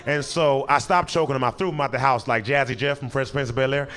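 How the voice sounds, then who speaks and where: A young man doing animated stand-up storytelling, acting out the characters and laughing as he goes. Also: mid-range voice, fast. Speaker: stand-up comedian.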